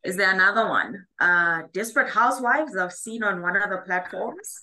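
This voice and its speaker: Woman on a workshop call, bright tense voice, asking stuff a bit hesitant. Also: mid-range voice, animated, moderate pace, poor audio. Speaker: workshop participant asking a question.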